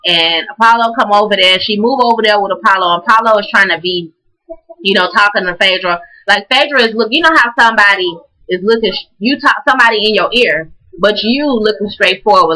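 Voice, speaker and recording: Bright-voiced woman doing a profane TV recap. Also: on the high side, a little fast, poor audio. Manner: animated, profane, acts out quotes. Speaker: recap vlogger. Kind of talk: casual TV recap.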